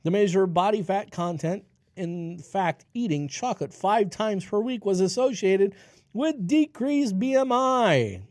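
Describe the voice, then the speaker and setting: A man's voice: high-pitched, unhurried, darkish tone, dry recording, studio quality. A man in his forties hosting a health radio show, reading news headlines and breaking into sarcastic, ranting asides. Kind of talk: solo health news commentary.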